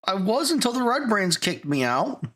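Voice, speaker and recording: A woman's voice: mid-range voice, big pitch swings, normal speed. A woman voicing a frantic male tavern owner in a tabletop game, shrieking about his burning tavern. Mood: bitter.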